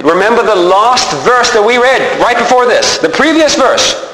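A man preaching a sermon as pastor, animated and emphatic, often repeating himself as he stresses a point. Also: very high-pitched, normal speed, a little hiss or hum. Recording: echoey hall with long reverb.

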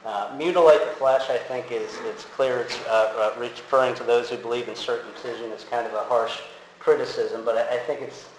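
A man preaches in a relaxed, conversational way, stumbling over words and restarting often. His voice sits at a medium pitch. The room is very echoey, with faint ambient noise behind him. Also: normal speed. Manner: conversational, many fillers and restarts. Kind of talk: casual sermon with audience quiz.

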